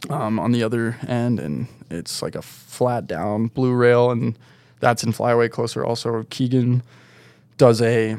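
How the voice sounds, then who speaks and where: A young man with a gravelly voice tells a story in a casual podcast chat. He rambles loosely, leaning on "like" and "dude". His sound is dry and close to the mic. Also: medium pitch, steady tone, unhurried, a little mellow, no room sound. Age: young adult. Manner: rambling, laid-back, filler-heavy with "like" and "dude". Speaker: guest snowboarder.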